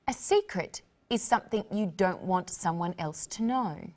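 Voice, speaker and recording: A woman presenting an English lesson, explaining words slowly in a scripted teaching style. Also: medium pitch, sing-song, darkish tone. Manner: slow, explanatory.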